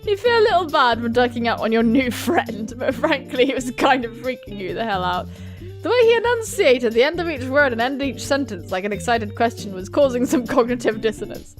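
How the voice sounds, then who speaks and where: Young female gaming host, high, very lively voice, giggly reads of game text with jokey asides. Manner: giggly, reads game text quickly and jokes between lines. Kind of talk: reading a visual novel aloud with commentary.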